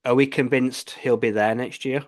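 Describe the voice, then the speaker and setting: A man's voice: mid-range voice, fairly even intonation, normal speed. A man co-hosting a podcast, chatting casually about sport and repeating "like I say" between restarts. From United Kingdom. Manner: leans on the filler "like I say", restarts often. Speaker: podcast co-host.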